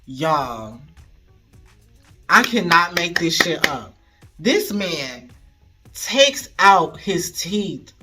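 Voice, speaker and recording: A man telling a frank, animated story straight to his viewers, casual vlog style, recorded at home. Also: a little high, extremely slow, pauses often, music in the background. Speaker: storyteller vlogger.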